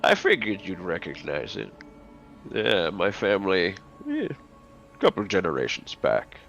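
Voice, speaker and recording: A man's voice: sits low, huge pitch swings, measured pace, gravelly, fairly bright tone, dull audio, faint music behind, full character voice. A man playing a condescending, menacing crime boss in a tabletop game, talking down to a newcomer he calls boy. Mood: probing.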